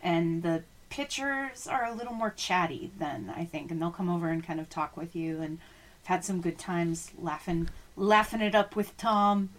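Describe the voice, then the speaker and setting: Chatty woman with a low voice. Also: moderate pace. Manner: chatty, laughs easily, reads listener questions. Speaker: podcast host. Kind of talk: casual sports chat.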